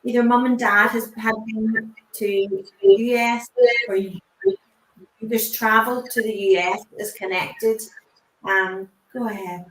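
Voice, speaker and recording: A woman working as a psychic medium, giving a spiritual reading on a chat show in a halting way, often pausing on "um" and "I want to say". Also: on the high side, steady tone, a bit bright, reverberant, a little hiss or hum, low-quality recording.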